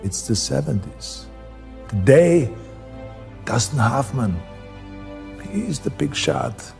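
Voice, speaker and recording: A man's voice: mid-range voice, animated, takes it slowly, gravelly, darkish tone, faint music behind. An older man with a German accent giving a motivational speech, stressing key phrases and repeating them for emphasis. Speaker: public speaker.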